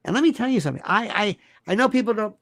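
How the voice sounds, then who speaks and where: A man's voice: high-pitched, animated, fast, a bit bright, no room sound, clean studio sound. A man hosting a live-stream talk show, delivering an emphatic monologue full of repeated rhetorical questions. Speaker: host.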